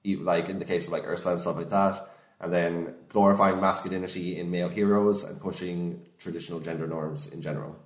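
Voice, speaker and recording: A man with a deep, low voice talks through a point on a podcast, relaxed and halting, padding his sentences with fillers. The room around him rings with a noticeable echo. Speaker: podcast co-host. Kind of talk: casual podcast chat. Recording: roomy echo.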